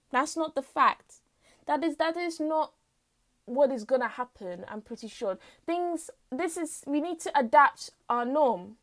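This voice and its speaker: A teenage girl hosts her own podcast from home, rambling off the cuff in a playfully dramatic way and sounding tired. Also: sits high. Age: teens. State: tired, lightheaded. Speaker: podcast host. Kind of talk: unscripted casual monologue. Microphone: home mic.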